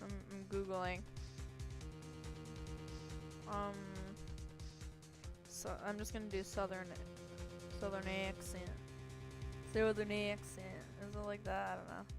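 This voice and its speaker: A woman's voice: mid-range voice, flat delivery, takes it slowly, creaky, long pauses, music in the background. A young woman playing through a video game, reading dialogue aloud in a playful, giggly manner. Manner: playful, giggly, reads characters in varied voices. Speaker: gaming streamer.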